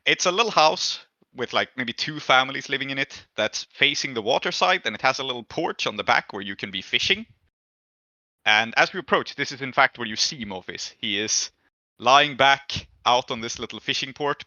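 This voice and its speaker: Guy game master, bright voice, dry close sound, lots of likes and you knows. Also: medium pitch, no room sound, muffled recording. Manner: casual, many fillers. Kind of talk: narrating a tabletop game.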